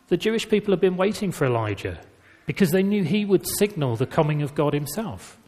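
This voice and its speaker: Speaking at normal speed in a high-pitched voice, a man preaches in a reverberant church hall. He tells his sermon like a conversational story, stressing points with lively emphasis.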